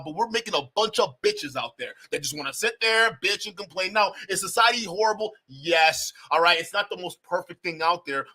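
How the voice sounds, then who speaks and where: Animated high-voiced male streamer. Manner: animated, laughing, mocking, talks to chat. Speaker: reaction channel host. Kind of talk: livestream reaction commentary.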